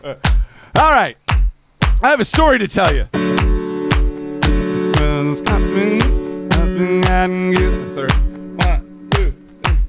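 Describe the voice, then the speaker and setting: A man with a high voice talks slowly and loosely to his live-stream audience, cursing casually and chuckling at his own jokes. Music plays clearly behind him. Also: expressive. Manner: laid-back, swears casually, laughs at own jokes. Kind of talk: live-stream chat between folk songs.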